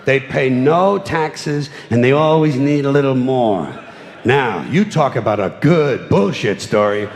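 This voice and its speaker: A man's voice: medium pitch, animated, a little slow. A male stand-up comedian delivering a sardonic, mocking routine, recorded in an echoey theater. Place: theater stage before a live audience. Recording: echoey hall, audience laughter, noisy.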